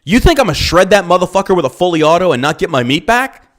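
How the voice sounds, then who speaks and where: A high-pitched, very animated man talks fast with hardly any pauses. This Texas podcast host and business owner tears into politics, swearing freely and peppering his heated rant with rhetorical questions.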